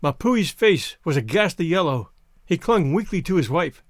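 A male podcast host reads a classic story aloud in an expressive storytelling manner. His voice sits high and moves lively through its range. The recording is dry and close. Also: normal speed, no echo. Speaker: podcast narrator. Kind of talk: scripted narration.

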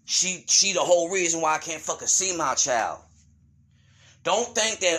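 A man's voice: a little high, sing-song, normal speed, a bit bright. A man hosting his own podcast, delivering a heated, profane rant straight at his listeners. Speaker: podcast host.

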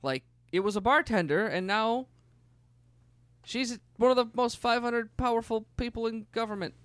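A man's voice: very high voice, moderate pace, a bit bright, clean tone, no echo. A young man co-hosting a podcast in casual chat, joking and sarcastic, laughing often. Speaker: podcast co-host. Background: faint guitar playing.

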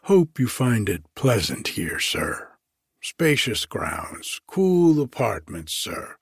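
A man voicing an obsequious, chatty male prison cook who keeps saying "sir" in folksy speech, in a slow, husky storybook reading. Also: medium pitch, big pitch swings, no room sound, studio quality, full character voice.

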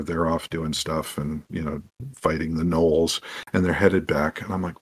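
A man telling animated stories as a podcast guest about running tabletop games, acting out what his players said. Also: a bass voice, moderate pace, slightly rough. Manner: animated, acts out quoted players. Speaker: podcast guest, game master. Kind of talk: anecdotal interview storytelling.

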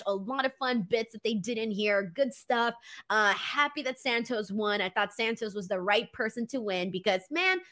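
A woman hosting a casual live-stream wrestling show, talking in an animated way, laughing often and swearing casually. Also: fairly high pitch.

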